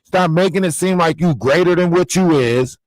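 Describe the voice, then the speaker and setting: A man rants into his stream, scolding and swearing in a confrontational tone. His voice sits a little higher than most men's, and the sound is dry and close with no room echo. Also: normal speed. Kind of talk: ranting livestream monologue.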